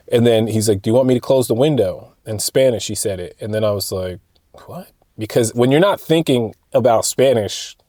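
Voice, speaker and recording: Young man, casual rambling storytelling, mellow dark voice, dry close sound. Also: lowish voice, dry recording. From United States. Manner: rambling, animated retelling with frequent fillers and restarts. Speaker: vlogger.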